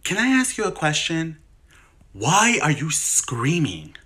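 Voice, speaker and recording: Bright, sassy man. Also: fairly high pitch, wildly swooping pitch, takes it slowly, husky. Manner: sassy, exaggerated. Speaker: comedy sketch creator. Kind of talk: comedic call-center skits.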